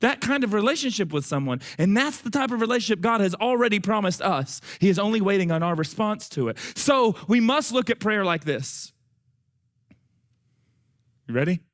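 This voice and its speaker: Man, preacher, high voice, folksy, animated, hoarse and breathless. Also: moderate pace. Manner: animated, folksy, talks straight to the congregation. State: voice going hoarse, short of breath. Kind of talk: sermon.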